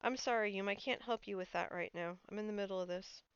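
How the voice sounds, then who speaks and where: A woman's voice: mid-range voice, fast, clear, resonant tone, no echo, highs cut off. A woman streamer chatting casually while playing a game, telling stories with lots of fillers. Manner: chatty storyteller with frequent fillers. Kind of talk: casual gaming stream chat.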